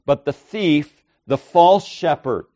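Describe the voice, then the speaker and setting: A man preaching an expository sermon with measured, emphatic delivery, often checking in with "right?" and "okay?". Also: fairly high pitch, expressive, dark tone, dry recording.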